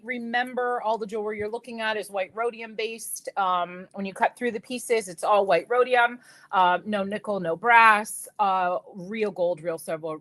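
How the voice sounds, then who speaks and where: A woman's voice: fairly high pitch, no echo. Chatty woman in her fifties, dry sound. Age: 50s. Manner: lively, laughing, talks directly to viewers. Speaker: jewelry seller hosting a live show. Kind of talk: chatty live-stream storytelling.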